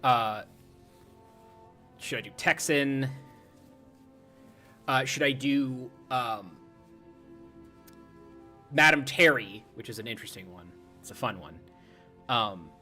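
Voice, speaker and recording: A man's voice: medium pitch, slow, long pauses, bright, forceful tone, faint music behind. A man chatting loosely on a livestream while playing a game, rambling with lots of fillers and some swearing. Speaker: streamer. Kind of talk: casual livestream chat.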